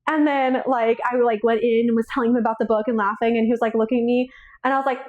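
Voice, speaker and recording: A woman's voice: a little high, fairly even intonation, fast, narrow, tinny audio. A young woman chatting casually about her books, rambling, swearing freely and laughing often, tearful and shaky. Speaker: book vlogger. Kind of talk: casual chat.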